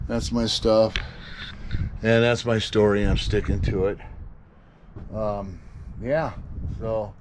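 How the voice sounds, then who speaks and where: A middle-aged American solo gigging musician shows off his gear in a rambling home vlog, swearing freely and full of fillers and restarts. His voice is on the low side with a darkish tone. The video recording is noisy.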